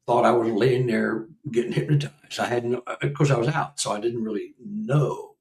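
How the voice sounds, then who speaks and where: A man in his sixties, a guest researcher and author, telling a personal story in a casual conversation, animated and laughing as he acts out what people said. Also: medium pitch, normal speed, gravelly, reverberant, recorded from a distance, low-quality recording. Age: 60s.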